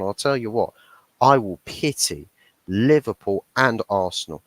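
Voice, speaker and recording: A man's voice: fairly low pitch, no echo, poor audio. Ranting man reacting to football. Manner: ranting, swearing, mocking the referee. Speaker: football fan channel host. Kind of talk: heated match reaction stream.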